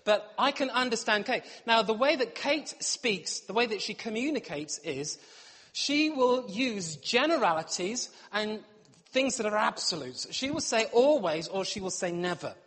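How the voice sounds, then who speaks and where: A middle-aged man preaches a humorous sermon in a playful, self-mocking way, acting out little scenes. His voice sits high for a man. A long reverb from the church hall trails behind him. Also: expressive, measured pace, a bit bright. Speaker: pastor.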